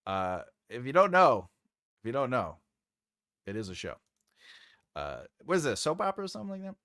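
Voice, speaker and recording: A man's voice: medium pitch, sing-song, fairly quick, a bit bright, no room sound, clean studio sound. A man hosting a casual livestream and reading out viewer comments. He rambles, trails off while searching for names, and laughs often. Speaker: writing livestream host.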